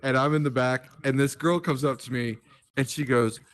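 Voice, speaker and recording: A man, a stand-up comedian co-hosting a podcast, telling stories in an animated, profane, casual way. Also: mid-range voice, normal speed, clean tone. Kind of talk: casual chat.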